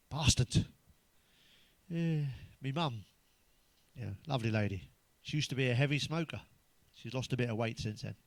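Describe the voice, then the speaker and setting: An English stand-up comedian delivers a routine of blunt, crude one-liners laced with swearing, and his pitch climbs whenever he quotes someone else. The recording is dry.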